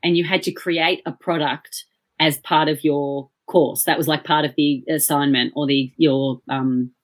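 Aussie woman on a podcast, lowish voice, rambly stories with lots of ums. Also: steady tone, a little slow. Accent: Australian. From Australia. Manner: chatty storyteller with frequent fillers and restarts. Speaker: guest. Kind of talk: casual podcast chat. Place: at home.

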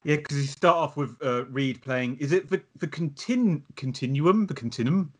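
A man's voice: a little high, normal speed. Wry male podcast co-host. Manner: wry, dry humoured. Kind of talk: casual chat about music.

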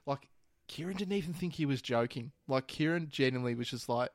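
An Australian man riffing bluntly with his co-hosts in a casual podcast chat. His voice sits at a mid pitch and sounds dry and close. He jokes and swears freely. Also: brisk, no echo. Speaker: podcast co-host.

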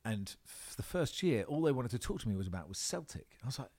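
A man's voice: mid-range voice, fast. A man, a football presenter living in Australia, chatting in an interview with lots of restarts and fillers. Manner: rambling, animated, many restarts. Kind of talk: casual interview chat. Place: home in Australia.

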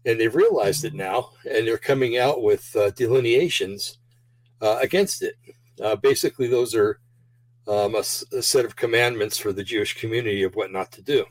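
Male show host, low voice, a little winded, rambling off-the-cuff talk with lots of ums, dry close sound. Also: normal speed, no room sound, low-quality recording. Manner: rambling, many fillers and restarts. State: slightly out of breath. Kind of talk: casual rambling monologue.

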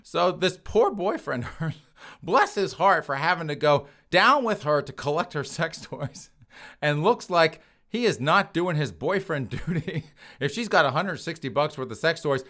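An animated man hosts a comedy podcast, reading news items and riffing on them. His voice swings widely in pitch, and he keeps calling to his listeners and laughing through his remarks. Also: measured pace. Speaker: podcast host.

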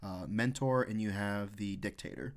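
A man's voice: on the low side, normal speed. A Marine veteran chatting on a podcast, blunt and profane as he tells stories about leading troops. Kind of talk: casual podcast chat.

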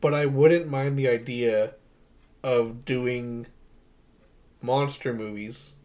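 A man's voice: mid-range voice, fairly even intonation, slow pace, darkish tone. A young man co-hosting a podcast, chatting casually and enthusiastically about a movie, rambling and laughing often. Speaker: podcast co-host. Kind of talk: casual movie review chat.

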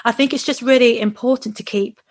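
A woman hosting a podcast interview over a call, curious and encouraging, with quick interjections. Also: a little high, steady tone, no room sound. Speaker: podcast host.

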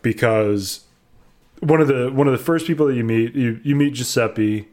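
A man's voice: medium pitch, moderate pace, a little mellow. A man in casual conversation, co-hosting a chat about a game. He rambles and sounds exasperated, with the odd laugh breaking through. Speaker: podcast co-host.

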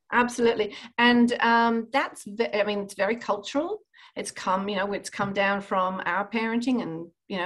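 A woman therapist in a casual podcast conversation, explaining in a chatty way with frequent restarts and light laughs. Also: medium pitch.

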